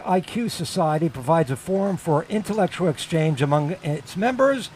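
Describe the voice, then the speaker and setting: A man hosting a sports radio show, steering the casual banter at a measured pace. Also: a little high, animated, a little mellow, a little hiss or hum.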